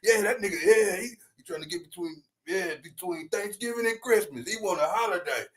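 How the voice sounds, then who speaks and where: A man giving casual, slangy reaction commentary, laughing often and breaking into loud bursts. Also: sits high, lively intonation, fairly quick.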